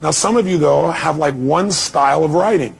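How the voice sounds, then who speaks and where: A man's voice: fairly high pitch, moderate pace, creaky, breathy edge. A middle-aged man giving an emphatic seminar talk and firing rhetorical questions at his audience. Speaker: motivational speaker.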